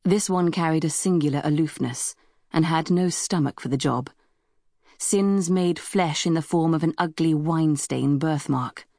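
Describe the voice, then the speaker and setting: Narrator, female, low register, dry close sound, measured storytelling. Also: warm tone, no room sound. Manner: measured storytelling, voices dialogue with raised pitch. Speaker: audiobook narrator. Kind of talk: scripted narration.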